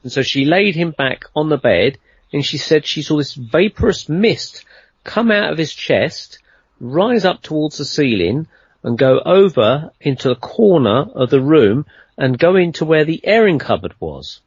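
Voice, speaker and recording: Gravelly man telling a story. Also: a little high, sing-song, measured pace, no echo, highs cut off. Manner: rambling, conversational, many fillers and restarts. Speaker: guest storyteller. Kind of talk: casual radio interview anecdote.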